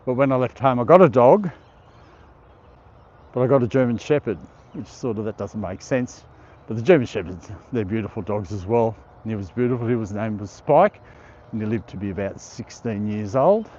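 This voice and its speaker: A man's voice: lowish voice, lively intonation, fairly quick, a little mellow, highs cut off, slight background noise. A middle-aged Australian man hosting a casual live stream outdoors, reading viewer comments aloud and laughing often. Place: outdoor park.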